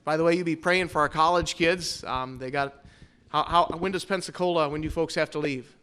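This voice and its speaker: A man's voice: fairly high pitch, steady tone, brisk, sharp tone, smooth. A man pastor hosting a playful Bible trivia game at a church service, teasing the congregation before introducing guests.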